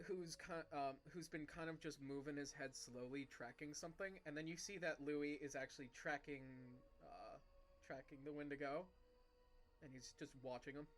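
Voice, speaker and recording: A bright, fairly high male voice narrates a tabletop game as game master. He stretches out his descriptions and often restarts mid-phrase.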